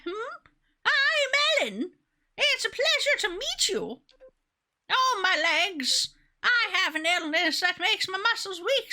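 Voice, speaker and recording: A sweet, frail old grandmother from a farming game speaks slowly and gently, voiced by a woman streamer. Her voice is high and bright. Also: exaggerated voice. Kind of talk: streamer reading game dialogue.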